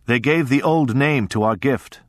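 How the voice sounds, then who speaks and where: A grave, terse father, brief and dry in speech, stern but tender underneath, played by a male narrator. The voice sits at an ordinary middle pitch. Dry, close recording. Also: normal speed, dry recording, close to an everyday voice.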